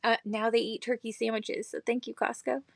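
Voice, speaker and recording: A woman in her thirties co-hosting a podcast, easygoing and quick with dry quips. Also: on the high side, level tone, gravelly, no room sound. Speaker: podcast co-host. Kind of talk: casual podcast chat.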